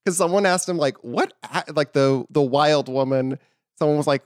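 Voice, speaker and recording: A man's voice: on the high side, fairly even intonation, moderate pace, smooth, dry recording, clean studio sound. A man chatting on a podcast about a movie, rambling and laughing often. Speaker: podcast host. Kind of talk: casual podcast chat about a film.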